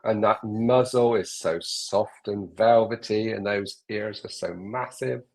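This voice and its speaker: A man's voice: lowish voice, steady tone, a little slow, vocal fry. A man co-hosting a casual livestream, adding short, dry comments to the chat.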